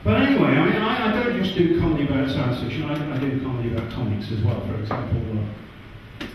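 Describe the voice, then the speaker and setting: An English man doing a stand-up comedy set on a pub stage, animated and jumping into high voices for characters. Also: quick pace, heavy background noise. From England. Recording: distant, roomy and muffled pub recording.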